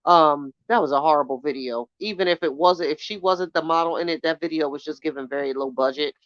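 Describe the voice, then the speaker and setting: A woman's voice: sits low, brisk, dry recording. A woman hosting a podcast, chatting casually with her live chat and telling gossipy stories in a blunt, profane way. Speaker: podcast host. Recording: dull lo-fi dry sound.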